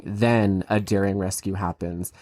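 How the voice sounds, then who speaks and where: Brief: woman co-host, very low voice, dry wisecracking delivery, dry close mic. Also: steady tone, measured pace, mellow, dry recording. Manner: wry, joking commentary. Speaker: podcast co-host. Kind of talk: casual rewatch podcast chat.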